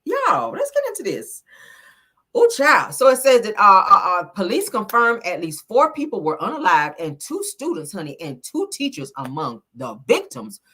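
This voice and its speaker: Brash, animated woman talking gossip. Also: mid-range voice, moderate pace, slightly rough. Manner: brash, profane and animated, calls the audience "child" and "honey". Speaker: commentary host. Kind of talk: casual gossip commentary.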